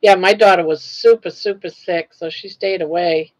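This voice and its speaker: A woman's voice: fairly low pitch, fairly even intonation, normal speed, darkish tone. An older woman hosting a casual livestream, reading viewer comments aloud and greeting chatters by name. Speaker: livestream host. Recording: dull lo-fi livestream audio.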